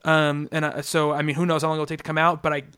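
A man's voice: a little high, level tone, quick pace, pushed and bright, clean tone. A man hosting a podcast in casual chat, talking eagerly and restlessly, often restarting his sentences. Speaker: podcast host.

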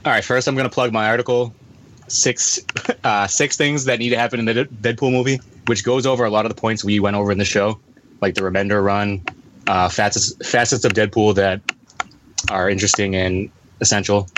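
A man's voice: on the low side, steady tone, brisk, a bit bright. Crude joking man on a podcast. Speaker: podcast co-host. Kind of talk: casual podcast chat. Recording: audible background noise and typing.

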